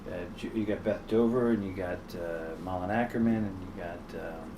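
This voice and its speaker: A man's voice: deep voice, moderate pace, far from the mic, background noise. A man in his forties answering with many fillers and dry jokes in a casual interview. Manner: hesitant, many fillers, joking. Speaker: interviewee, actor.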